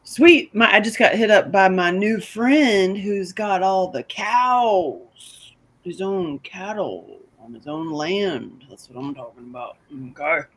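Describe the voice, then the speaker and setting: A woman co-hosting a casual podcast chat, telling stories in an animated way and often laughing. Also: mid-range voice, slow, low-quality recording. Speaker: podcast co-host.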